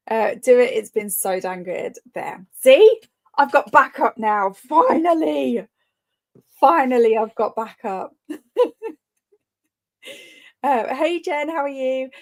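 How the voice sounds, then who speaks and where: A woman's voice: high-pitched, darkish tone. Giggly woman greeting live-chat viewers. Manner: greets commenters by name, giggly and effusive. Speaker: host of live reading sprints. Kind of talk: casual live-stream chat.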